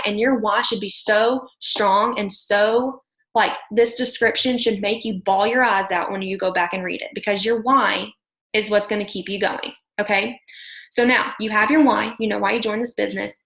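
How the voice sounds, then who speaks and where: A woman's voice: medium pitch, gravelly, fairly bright tone, roomy sound, poor audio. A young woman coaching her business team on a video call, emphatic and gushing, full of "like" and "okay". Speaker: team leader coaching distributors. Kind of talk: motivational video call talk.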